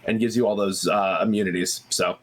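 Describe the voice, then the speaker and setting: A man chatting casually about his favorite tabletop characters, laughing often and talking excitedly. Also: on the low side, brisk. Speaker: player.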